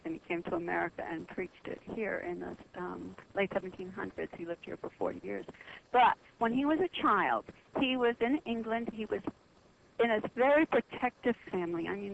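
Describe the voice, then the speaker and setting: A woman guest on a radio talk show telling a religious history story in an earnest, halting way with many pauses. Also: mid-range voice, gravelly, highs cut off, a little hiss or hum.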